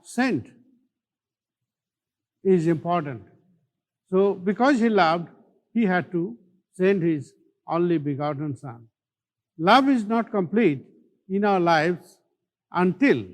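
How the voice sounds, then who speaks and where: A male pastor with an Indian English accent, preaching a sermon slowly and deliberately, leaning hard on key words. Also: sits high. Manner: slow, deliberate preaching with emphatic stresses.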